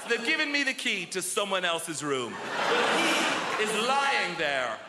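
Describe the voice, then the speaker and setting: Stand-up guy, wry and self-mocking, highish voice, roomy theatre echo with loud crowd. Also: big pitch swings, a little slow. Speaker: stand-up comedian. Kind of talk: stand-up comedy set. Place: large theatre stage, live audience. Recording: echoey live theatre with loud audience noise.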